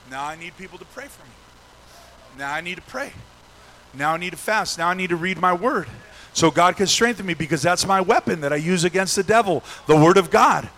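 A male pastor with an unusually high voice and a gravelly, fried edge. He preaches with call-and-response, stretching out shouted refrains, then sinks to near-hushed talk. His tone stays bright and tense throughout. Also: expressive, slight background noise, low-quality recording. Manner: drawn-out repeated shouted refrains. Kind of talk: sermon.

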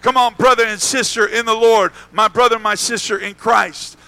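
A man's voice: high voice, steady tone, moderate pace, pushed and bright, no room sound. A man preaching a sermon as pastor, calling for responses from the congregation and repeating phrases for emphasis, with casual asides.

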